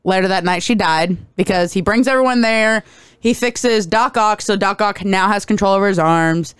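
A woman co-hosting a casual podcast, retelling a movie plot in an animated way and briefly mimicking characters. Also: moderate pace, smooth, no echo, clean studio sound. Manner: animated storyteller, briefly mimics characters with big pitch jumps. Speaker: podcast co-host. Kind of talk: casual chat recapping a movie.

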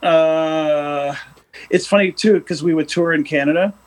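A man's voice: fairly high pitch, unhurried. A man with an Upper Midwest American accent, chatting casually in a laid-back, rambling way about accents. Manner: laid-back, rambling, says "dude" and "you know what I mean". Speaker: musician guest. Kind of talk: casual chat.

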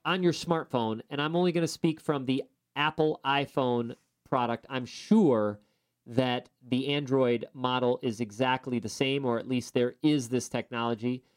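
A man from upstate New York hosting a podcast, talking in an upbeat, enthusiastic way with quick asides. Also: medium pitch, fairly even intonation. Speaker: podcast host. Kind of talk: casual podcast chat.

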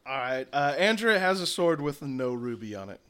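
A man narrating as game master in a tabletop game, speaking casually at a middling pitch. He rambles a little, with plenty of fillers. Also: sing-song, moderate pace, fairly bright tone, smooth.

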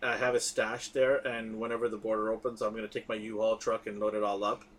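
A man's voice: lowish voice, flat delivery, quick pace. A man co-hosting a podcast in casual chat, emphatic, often restarting and repeating his words. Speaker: podcast co-host.

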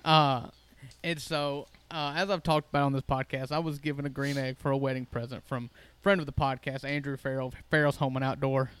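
A man's voice: mid-range voice, level tone, fairly quick, few pauses, a bit bright, a little hiss or hum. A man, co-hosting a podcast and telling folksy, jokey stories in casual chat. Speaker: podcast co-host.

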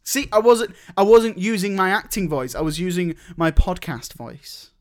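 A man's voice: high-pitched, expressive, moderate pace. A young man co-hosting a film podcast, chatting casually, laughing a lot and acting out lines from movies. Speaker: podcast co-host. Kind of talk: casual chat.

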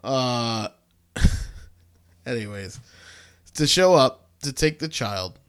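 A man's voice: medium pitch, lively intonation, very slow, fairly bright tone, clear, resonant tone. A young man co-hosting a crude comedy podcast, reading out a news story and laughing mid-sentence. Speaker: podcast co-host.

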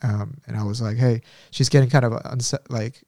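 A man chatting casually as a podcast co-host, wandering through his thoughts in a reflective, rambling manner. His voice sits at a middling pitch, and the recording is close and dry with no room sound. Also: steady tone, moderate pace, gravelly, dark tone, no echo. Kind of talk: casual chat.

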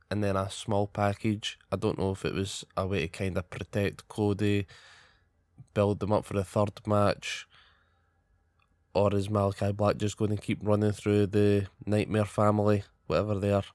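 A man's voice: fairly low pitch, darkish tone, dry recording, studio quality. A young Scottish man in casual, blunt, sweary podcast chat giving his opinions as co-host.

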